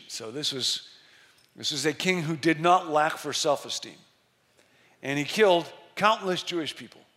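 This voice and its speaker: Preaching a sermon, this middle-aged pastor tells a story emphatically and draws out key words by slowing down. He speaks on the high side, with a fairly bright tone.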